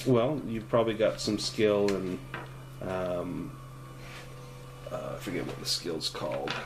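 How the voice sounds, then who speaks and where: A man's voice: sits low, measured pace, slight background noise. A man narrating a solo tabletop game as game master, reading prose and chatting casually. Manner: expressive, reads prose then chats casually. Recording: faint ambient music behind.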